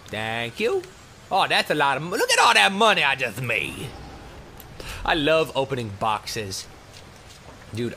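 Young guy rambling over a game, bright voice that jumps all over, goofy and silly, bursts of mock screaming. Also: mid-range voice, slight background noise. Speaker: let's play commentator. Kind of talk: gameplay commentary.

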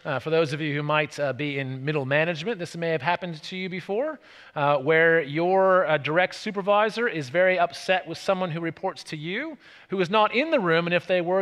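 A man's voice: on the high side, fairly bright tone, long reverb tail. An Australian man preaching a sermon in a church, chatty and full of tag questions and restarts.

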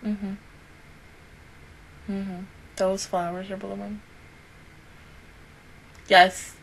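A young woman hosting an anime reaction video, speaking, excitable and swearing freely, swinging between loud outbursts and hushed whispers. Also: medium pitch, extremely slow, creaky, a little hiss or hum, poor audio. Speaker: anime reaction channel host.

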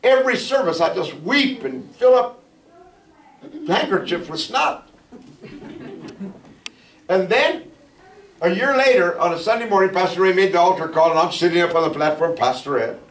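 A middle-aged male pastor giving a testimony sermon, telling his story and building to fervent, shouted praise. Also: sits high, animated, normal speed, pauses often, slight background noise. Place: church sanctuary. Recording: echoey church from a distance.

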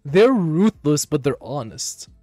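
Slangy young man, lively and swinging in pitch. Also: takes it slowly, dry recording, soft background music. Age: young adult. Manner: slangy, profane, swings between low mumbling and loud excited outbursts. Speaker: streamer. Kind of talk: casual storytelling while gaming. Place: home room.

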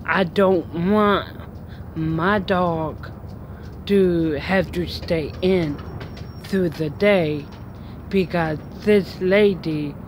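A woman's voice: fairly low pitch, very slow, slight background noise. A woman vlogging outdoors at home in a casual, rambling chat full of fillers and restarts.

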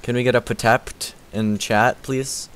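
A man's voice: mid-range voice, fairly even intonation, measured pace, a bit bright, clean tone. A young man streaming a game, chatting casually, goofy and self-mocking, trash-talking, singing snatches of songs. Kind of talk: casual gaming stream commentary.

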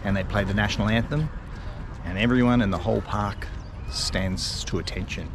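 A man's voice: lowish voice, moderate pace. A middle-aged Australian man narrating a casual walking vlog outdoors, rambling and chatty with lots of fillers and restarts. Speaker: travel vlogger. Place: outdoors in a city park. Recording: outdoor street and traffic noise.

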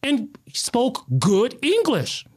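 A man from the United States, a guest on a talk show, telling stories in an excitable, animated way with many restarts. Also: very high-pitched, slow pace, a little hiss or hum. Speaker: guest, martial artist. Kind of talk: casual conversational storytelling.

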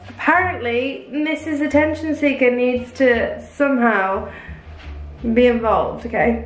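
A young woman vlogging casually from home, chatting and cooing at her dog in a sing-song baby voice. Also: sits high.

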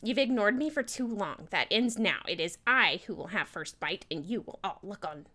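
A woman's voice: medium pitch, animated, normal speed, sharp tone. A woman voicing an arrogant male student in a game, declaiming grandly. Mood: grandiose.

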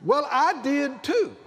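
An older man with a Southern accent preaching a sermon to a convention congregation, calling for responses and rising to shouts. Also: very high-pitched. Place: large convention hall with congregation.

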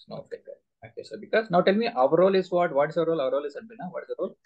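Man quizzing his class, gravelly voice. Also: on the high side, animated, rapid-fire, lo-fi sound. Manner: quizzing students with repeated questions. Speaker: SQL instructor. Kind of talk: live online class teaching.

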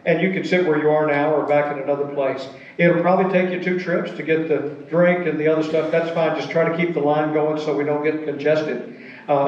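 A male pastor delivers his sermon in a folksy, conversational manner, his voice sitting a little high for a man. He is caught from a distance in a church sanctuary, so the sound rings with heavy echo and comes through a little dull. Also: a little mellow.

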